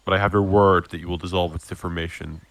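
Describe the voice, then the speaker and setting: A man voicing a stern, formal captain in a tabletop game, speaking low and measured. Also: steady tone, a bit bright, no room sound. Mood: solemn.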